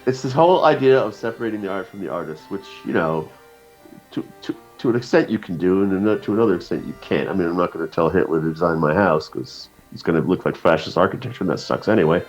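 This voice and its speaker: A man's voice: deep voice, fast talker, soft background music. Profane rambling man, lo-fi podcast. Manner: profane, rambling storyteller with lively quoted voices. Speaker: guest cartoonist. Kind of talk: casual podcast conversation. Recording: dull lo-fi podcast audio.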